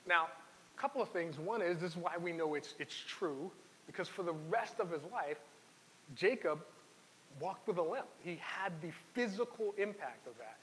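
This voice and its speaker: A man's voice: sits high, expressive, moderate pace, a bit bright. A man preaching a sermon in an earnest, personal way, reading scripture aloud and telling his own story. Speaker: pastor. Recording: long hall reverb with faint hiss.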